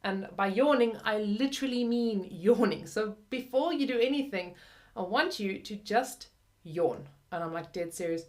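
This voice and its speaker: A woman's voice: mid-range voice, lively intonation, moderate pace, darkish tone. A young adult woman teaching flute in a friendly, chatty way, often using "like" and "kind of". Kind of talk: video lesson.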